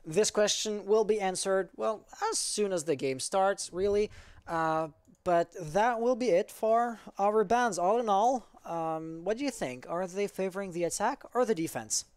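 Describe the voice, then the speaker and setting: A male esports caster calling a live match, talking in a halting way, often stopping to correct himself. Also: sits high, expressive, smooth, dry recording. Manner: halting, self-correcting, apologizes for stuttering.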